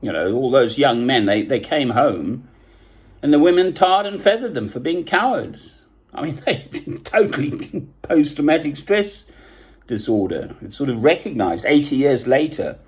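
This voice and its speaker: A man with a husky voice, talking in a rambling, digressive monologue, self-deprecating and often chuckling. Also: mid-range voice, expressive, normal speed, darkish tone.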